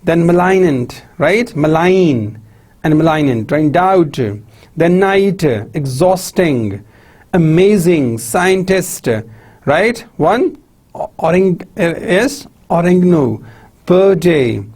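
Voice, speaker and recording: A male lecturer with a Pakistani English accent reads out pronunciation examples one word at a time. His voice sits high, is a little husky, and moves at an unhurried pace. He calls his listeners "my dear students.". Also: animated, a little mellow. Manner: drills example words with frequent "right?" and "see". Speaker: university lecturer.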